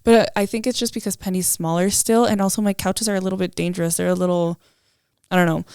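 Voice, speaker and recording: A woman's voice: fairly low pitch, fairly even intonation, fast talker, a little mellow, smooth, no room sound, clean studio sound. A woman co-hosting a podcast, chatting casually about being a mother and slipping into Spanish phrases mid-sentence. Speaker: podcast co-host; mother of a toddler. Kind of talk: casual chat.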